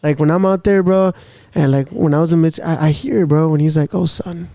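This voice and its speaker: A man's voice: fairly high pitch, fairly even intonation, brisk, warm tone, dry recording, clean studio sound. A man co-hosting a podcast, talking casually and emotionally about faith, calling his co-host "bro" and "dude". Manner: emotional, repeats "bro" and "dude", acts out God's words.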